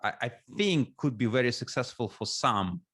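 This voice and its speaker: A man's voice: medium pitch, expressive, normal speed, a bit bright. A man hosting a podcast interview, thinking aloud with many restarts and fillers. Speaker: podcast host. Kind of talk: interview conversation.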